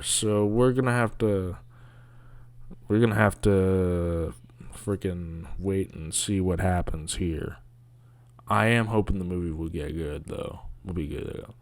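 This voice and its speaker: A man's voice: deep voice, darkish tone, dry recording. A man giving casual, rambling commentary on a video, sarcastic and grumbling, with mocking asides.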